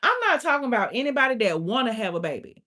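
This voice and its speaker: A woman's voice: fairly high pitch, sing-song, fast, sharp tone. A woman giving a casual spoken tarot reading, blunt and profane, with constant filler "like". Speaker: tarot reader.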